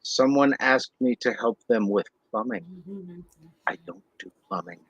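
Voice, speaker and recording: A man's voice: mid-range voice, very animated, a little slow, gravelly, fairly bright tone, breathy edge, no room sound. A man on a panel telling dry anecdotes in casual chat. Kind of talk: casual web show chat. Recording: dull dry lo-fi audio.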